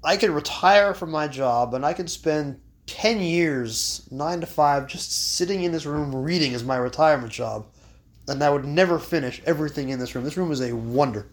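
Male podcast host, slightly higher voice, playfully formal storyteller. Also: moderate pace. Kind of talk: casual podcast chat. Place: home library.

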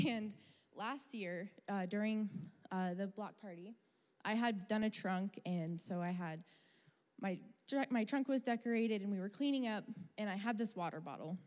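A young adult woman preaching a sermon, telling a personal story in a chatty, animated way with casual fillers. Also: mid-range voice, moderate pace. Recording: long reverb of a large hall.

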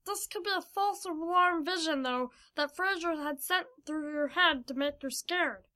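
A woman voicing a small, jumpy male companion, talking high and excitable. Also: a little slow, exaggerated voice. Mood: worried.

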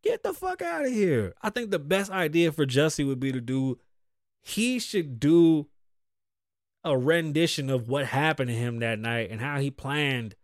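Animated ranting man, dry close mic. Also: mid-range voice, unhurried, no echo. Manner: animated, profane, swings between loud outbursts and muttered asides. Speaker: podcast host. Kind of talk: casual commentary rant.

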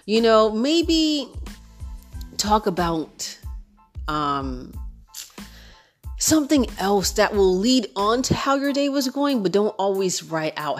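A young adult woman hosting a podcast in a casual chat, talking in a relaxed, animated way, with features, and switching into voices when quoting friends. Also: mid-range voice, measured pace, faint music behind. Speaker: podcast host.

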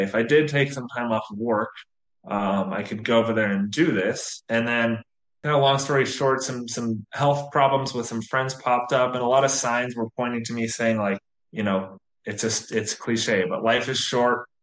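A man in his thirties from the US, relaxed and chatty as an interview guest, full of "you know"s. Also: mid-range voice, moderate pace, echoey room. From US, near Atlanta. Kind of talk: casual interview.

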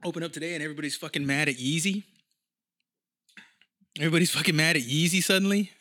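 A man's voice: on the high side, fairly even intonation, fast talker, bright, forceful tone, dry recording, studio quality. A man in his thirties hosting a casual podcast monologue, rambling and swearing freely as he tells stories. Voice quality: profane, rambling storyteller. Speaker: podcast host.

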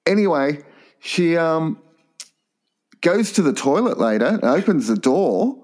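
Man, slightly raised pitch, chatty gossip, swears casually. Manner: gossipy, swears, fast when excited. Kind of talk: casual storytelling chat.

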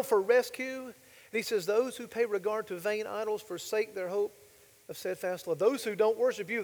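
A man's voice: sits high, in a large hall. A male pastor preaching a sermon, emphatic and full of rhetorical questions to the congregation.

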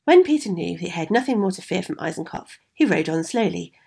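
Gravelly, husky woman reading a fairy tale. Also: on the low side, very animated, fairly quick, warm tone. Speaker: storyteller.

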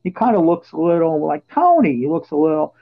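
A man hosting a podcast, telling casual stories and getting loud and animated when he quotes his own yelling. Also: fairly high pitch, fast talker, gravelly. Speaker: podcast host. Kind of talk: casual storytelling chat. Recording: dull lo-fi podcast audio.

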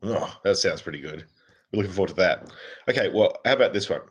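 Low husky guy co-hosting, reads out questions, easygoing. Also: lively intonation, fast. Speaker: podcast co-host. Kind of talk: reading listener questions.

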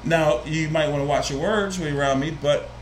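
Animated New Jersey man, quick profane storyteller, slightly roomy sound. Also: on the high side, slight background noise. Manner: animated, profane, acts out quotes. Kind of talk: casual storytelling chat.

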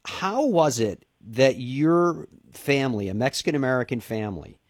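A man's voice: mid-range voice, sing-song, normal speed, no room sound, studio quality. A man hosting an interview show, asking long, winding questions with enthusiasm. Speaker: interview host. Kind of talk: interview podcast.

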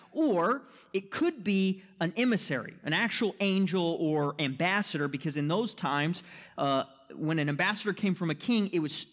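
Male pastor, sermon, high voice, emphatic, rhetorical questions, frequent "right?" check-ins. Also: fairly bright tone.

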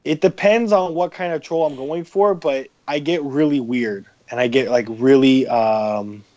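A man's voice: mid-range voice, a little slow, a little mellow, muffled recording. A man, a podcast guest, chatting casually in a rambling, profane way with many fillers. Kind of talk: casual chat.

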